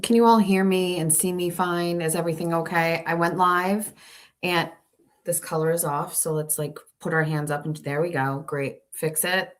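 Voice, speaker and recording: A woman's voice: on the low side, fairly even intonation, moderate pace. A woman hosting a livestream from home on a laptop mic, ranting casually with irritated, profane asides to her viewers. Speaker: livestream show host.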